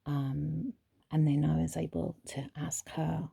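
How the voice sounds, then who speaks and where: A woman therapist telling a story casually, in a soft, hesitant way with frequent whispered asides. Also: deep voice, little pitch movement, slow pace, gravelly, breathy edge, no room sound.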